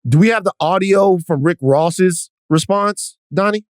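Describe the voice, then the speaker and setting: A man hosting a casual podcast, setting up clips and posing questions deliberately. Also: high voice, dry recording, studio quality. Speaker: podcast host.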